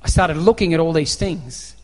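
An Australian man preaches in an earnest, conversational manner, slipping into voiced dialogue as he tells his story. His voice sits a little high for a man. It rings out with the long reverb of a large hall. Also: normal speed, darkish tone. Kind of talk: sermon with personal storytelling.

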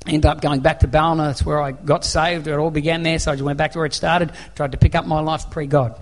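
A man's voice: on the high side, little pitch movement, fast talker. A man with an Australian accent preaching a sermon, telling a personal story in an earnest, conversational way. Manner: earnest, conversational, acts out dialogue. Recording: long reverb of a large hall.

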